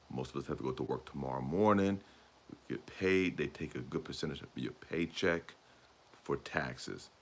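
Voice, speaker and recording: A man's voice: rumbling low, creaky, fairly bright tone. A man hosting a channel and giving casual, indignant commentary. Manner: indignant, conversational. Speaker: channel host.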